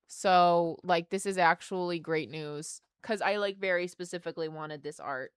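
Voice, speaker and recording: A young woman streaming, chatting casually and excitedly as she opens trading cards and speaks warmly to her chat. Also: lowish voice, normal speed, smooth, no echo. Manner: excitable, gasps and squeals at good pulls, earnest and affectionate to chat.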